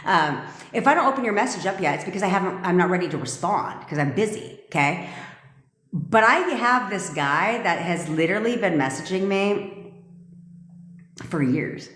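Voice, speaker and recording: A woman's voice: lowish voice, animated, moderate pace, a bit bright. A woman manifestation coach talking to her live stream audience, blunt and emphatic, swearing freely. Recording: echoey room with long reverb.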